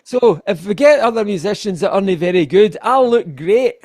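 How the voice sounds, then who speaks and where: An older Scottish man talks in a rambling, self-deprecating way, laughing often at his own stories. His voice sits a touch high with a gravelly edge, and the sound is close and dry. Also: lively intonation, unhurried, a little mellow, no room sound. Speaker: guest musician. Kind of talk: casual interview chat.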